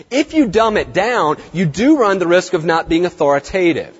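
A middle-aged man giving a lively lecture to veterinary students, swinging his tone and pace for drama. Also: sits high, moderate pace, hardly any pauses, slightly rough. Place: large lecture hall. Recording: dull, echoey lecture hall recording.

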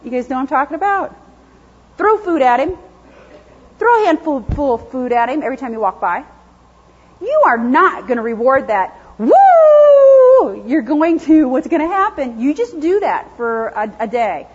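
A woman lecturing a class on dog training, lively and chatty, acting out what dogs think. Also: sits high, moderate pace, husky. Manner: lively, chatty, acts out dogs' thoughts in silly voices. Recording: dull, lo-fi classroom recording.

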